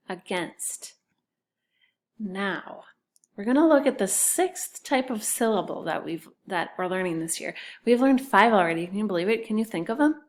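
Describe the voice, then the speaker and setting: A woman teaching children phonics at a slow, patient pace. She sounds out syllables and spells each word letter by letter. Her voice sits at an ordinary middle pitch. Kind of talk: recorded phonics lesson for children.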